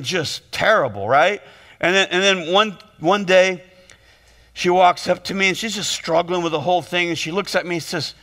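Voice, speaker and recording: High, bright-voiced preaching man. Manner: animated storytelling, quick jokes, repeated words. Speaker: pastor. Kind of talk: humorous sermon. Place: church sanctuary. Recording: long hall reverb.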